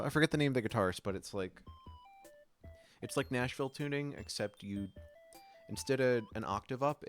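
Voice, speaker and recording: A man streaming while he makes music, chatting casually and thinking aloud, with a slight lisp from a sore tongue. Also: on the low side. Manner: rambling, thinks aloud, trails off mid-sentence. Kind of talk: casual live-stream chat.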